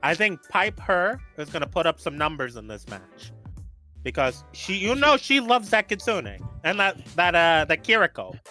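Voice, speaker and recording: Man, New York accent, esports caster, high lively voice, bright tone, jokey, stammers. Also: moderate pace, soft background music. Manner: excitable, jokey, stammering restarts. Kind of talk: live esports commentary.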